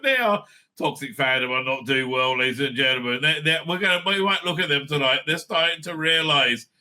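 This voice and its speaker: A man's voice: fairly high pitch, fairly quick, sharp tone. A man hosting his own online show, rambling in a loose, profane, laughing commentary style. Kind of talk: casual ranting commentary.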